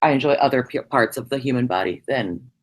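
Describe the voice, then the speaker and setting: A woman chatting casually, an animated and frank storyteller. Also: extremely low pitch, fairly quick. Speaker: guest in conversation. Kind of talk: casual chat.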